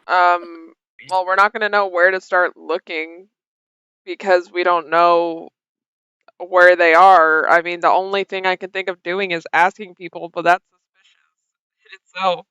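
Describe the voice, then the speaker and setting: Woman gm for a tabletop game, smooth clear voice, dry close sound, lots of ums. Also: fairly low pitch, flat delivery, measured pace, fairly bright tone, dry recording, dull audio. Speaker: game master.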